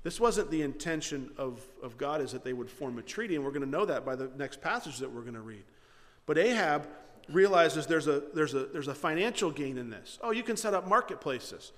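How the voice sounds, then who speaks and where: Reading from scripture, this pastor retells the passage in paraphrase, animatedly performing each character's lines himself. He speaks briskly in a fairly high voice, and a long reverb tail follows.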